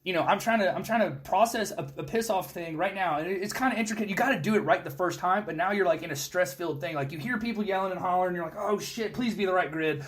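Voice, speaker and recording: A young man hosting a podcast, telling war stories in casual chat, animated and full of cursing. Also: high-pitched, fast, hardly any pauses. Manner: animated, profane storytelling. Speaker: podcast host.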